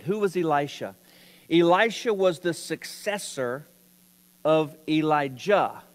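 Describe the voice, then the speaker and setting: A man's voice: on the high side, a little slow, long reverb tail. A man preaching a sermon, telling a story with rising emphasis.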